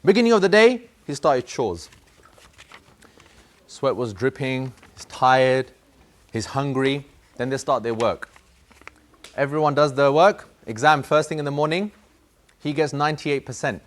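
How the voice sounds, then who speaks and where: A man's voice: mid-range voice, fairly even intonation, unhurried, long pauses. A man telling a moral story to children, acting out the voices of a strict teacher and a pupil. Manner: acts out voices of the teacher and boy. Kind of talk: animated storytelling.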